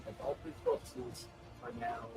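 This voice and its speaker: A man's voice: a little slow, darkish tone, faint music behind, low-quality recording. A man acting as game master, describing combat and asking for rolls in a casual, laughing way. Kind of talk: narrating a tabletop game.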